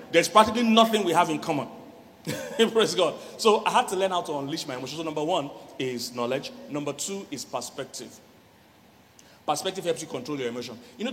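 A middle-aged man, a relationship coach giving a lively church sermon on marriage, often laughing and acting out voices. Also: fairly high pitch, long reverb tail, slight background noise. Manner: animated, laughing, acts out quoted voices.

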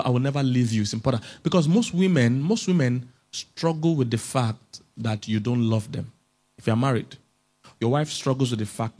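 A man's voice: mid-range voice, a little mellow. A man from Africa, a relationship expert giving a humorous motivational talk at a conference, coaxing his audience and chuckling often.

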